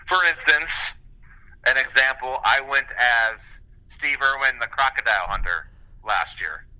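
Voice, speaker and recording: A man's voice: medium pitch, slow, sharp tone. A man chatting casually over a phone call while pacing around, rambling and laughing easily. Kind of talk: casual chat.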